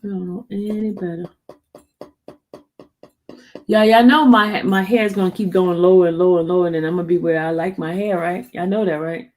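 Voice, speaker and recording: A woman's voice: lowish voice, fairly even intonation, fairly quick, a little mellow, a little hiss or hum, poor audio. A woman vlogger chatting casually to her viewers, rambling and answering comments from live chat.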